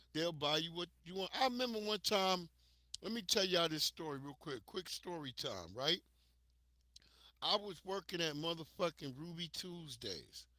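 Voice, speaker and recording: Forceful, profane American man telling stories. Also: fairly high pitch, dry recording. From United States. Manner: profane, animated storyteller addressing viewers. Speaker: livestream host. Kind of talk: casual storytelling on a livestream.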